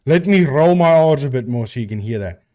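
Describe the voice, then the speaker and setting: A man's voice: medium pitch, expressive, fairly quick, warm tone. A man from South Africa with a South African accent, a live stream host chatting casually and answering viewers with rambling restarts.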